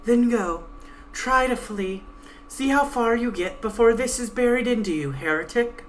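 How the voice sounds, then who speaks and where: A woman's voice: a little high, measured pace, slight background noise, pitched above the performer's own voice, close to an everyday voice. Woman voicing a stern fanatical warrior guide. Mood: menacing. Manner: cold, formal and threatening.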